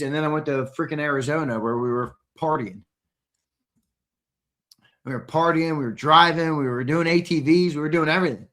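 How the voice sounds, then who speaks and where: A young man with a bright, forceful voice pitched a bit high, roasting viewers from the chat in brash, profane banter. His voice sounds a little strained and worn. He talks like a live-stream co-host riffing off the cuff. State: slightly strained voice.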